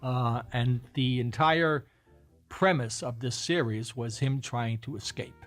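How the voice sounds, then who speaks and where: A man's voice: medium pitch, steady tone, unhurried, soft background music. A man hosting a casual chat, retelling old TV shows in a rambling, hesitant way with many fillers. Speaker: host.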